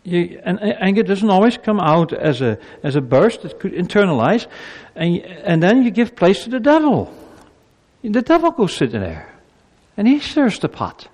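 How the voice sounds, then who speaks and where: Animated male preacher in a reverberant hall. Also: sits high, moderate pace. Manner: animated, acts out quoted speech. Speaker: pastor. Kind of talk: sermon.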